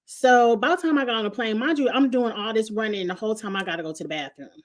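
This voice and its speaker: A woman's voice: on the high side, fast. A woman vlogger telling a funny travel story in casual slang, laughing often as she goes.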